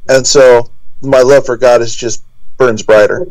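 A man in a Bible study group shares his reflections candidly, halting now and then with fillers. His voice is of ordinary, middle pitch. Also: fairly even intonation, a little mellow, rough recording. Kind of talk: reflective personal sharing.

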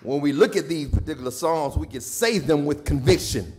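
A man with a Southern US accent preaching a sermon, moving from quiet storytelling to shouted, sung preaching. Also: on the high side, brisk. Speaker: pastor. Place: church sanctuary. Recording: live church stream with organ and congregation.

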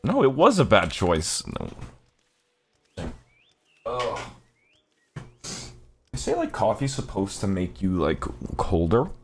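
Male gameplay commentator, low-set but wildly swinging pitch, profane and jokey, slight background noise. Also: wildly swooping pitch, takes it slowly, long pauses. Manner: profane, jokey, bursts into high-pitched yelling. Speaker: gaming YouTuber.

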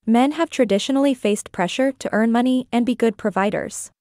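A woman interviewer reading prepared questions in a measured, clear way. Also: a little high, mellow, dry recording, studio quality.

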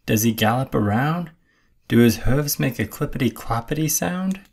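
A man's voice: medium pitch, animated, moderate pace, gravelly, breathy edge. A man voicing a curious farm horse in a storybook read-aloud.

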